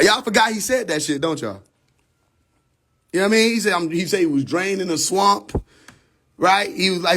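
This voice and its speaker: A man's voice: sits high, normal speed, pauses often. A man hosting a livestream, ranting casually with heavy profanity and frequent laughter, talking into a phone. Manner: profane, laughs often, animated. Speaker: livestream host.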